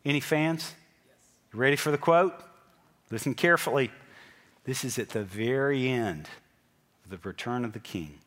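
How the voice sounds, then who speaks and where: Animated preacher man in a reverberant hall. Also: mid-range voice, moderate pace, long pauses. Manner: animated, asks the congregation direct questions. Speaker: pastor. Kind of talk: sermon.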